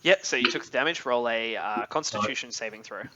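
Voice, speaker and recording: A man narrating a tabletop game as game master, describing scenes in a halting, thoughtful way with many pauses. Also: mid-range voice, muffled recording, heavy background noise.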